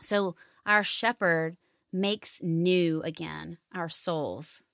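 A woman with a slightly low voice hosts a gentle family devotional podcast. She talks in a slow, soothing way, as if leading a quiet moment of reflection. The recording is dry and close, with no room sound. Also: fairly even intonation, vocal fry, no echo. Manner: slow, soothing reading and guiding. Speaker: podcast host.

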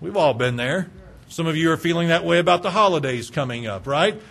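Man, pastor, sermon, high voice, earnest, pleading, rhetorical questions. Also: expressive, gravelly, a bit bright. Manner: earnest, pleading, slows for emphasis; talks directly to congregation with rhetorical questions.

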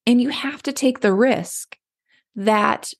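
A woman coach talks in a relaxed, conversational way, as if chatting with a friend. Her voice carries a noticeable gravelly fry. She keeps slipping into little acted-out inner voices to make her point. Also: fairly high pitch, slow. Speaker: clarity coach. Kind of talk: casual motivational talk.

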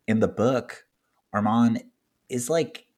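A man's voice: mid-range voice, slow pace, a little mellow. A man co-hosting a podcast, chatting casually about a film in a wry, profane way, often laughing. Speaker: podcast co-host.

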